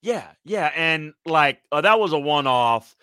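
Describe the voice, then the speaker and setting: An older man talks sports in a loose, rambling way, stopping and restarting his sentences as he goes. His voice is bright and forceful, and the sound is dry and close. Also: fairly high pitch, unhurried, smooth, dry recording. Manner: rambling, animated, many restarts. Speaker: sports commentator. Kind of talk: casual sports talk.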